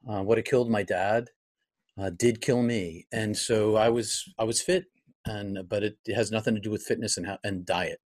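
A middle-aged pastor, appearing as an interview guest, tells a personal story reflectively in a steady, low-leaning, slightly mellow voice at a moderate pace. He acts out his past thoughts and often restarts his sentences.

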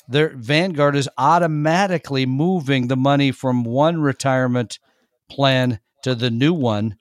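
A man's voice: medium pitch, no echo, studio quality. A man co-hosting a radio money show in a casual, emphatic, chatty way, laughing easily. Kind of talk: casual money-advice talk.

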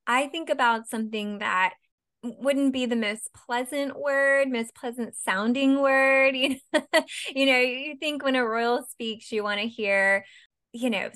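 A woman co-hosts a casual podcast, thinking out loud in a thoughtful, hesitant way. Her voice sits a little high. She fills her pauses with small hedging words as she works out her thoughts. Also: clear, resonant tone. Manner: thoughtful, hesitant, laughs often. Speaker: podcast co-host.

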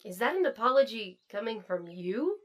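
An actress voicing a gentle, lightly teasing female robot. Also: fairly high pitch, sing-song, normal speed.

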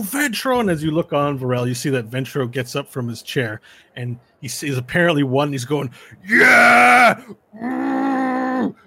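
A man's voice: medium pitch, breathy edge. A man running a tabletop game as game master, checking rules and narrating the action in a playful way.

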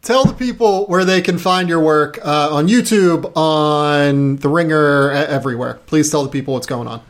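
A man hosting a casual podcast chat, talkative and self-deprecating. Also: a little high. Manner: chatty, self-deprecating, quick asides. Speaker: podcast host.

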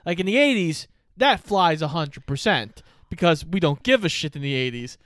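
A man with a high, clear, smooth voice co-hosts a casual movie review chat. He reasons calmly and pushes back gently, recorded close and dry. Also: normal speed, no echo. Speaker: podcast co-host.

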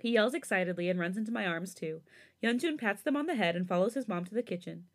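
A woman's voice: mid-range voice, animated, fast talker. A young woman hosting a podcast, casually reading fan fiction aloud and breaking off for giggly, chatty asides.

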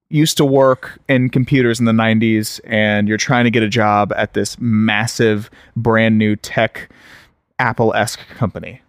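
Young male co-host, casual, mid pitch, dry close mic. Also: clean tone, no echo. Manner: loose, sets up scenes. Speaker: podcast co-host. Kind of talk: casual podcast chat.

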